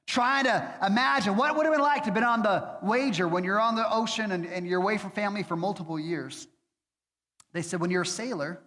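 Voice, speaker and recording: Male pastor, high voice, casual halting delivery, long church-hall reverb. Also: fairly bright tone. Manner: conversational, hesitant with frequent fillers. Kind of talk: sermon. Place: church sanctuary.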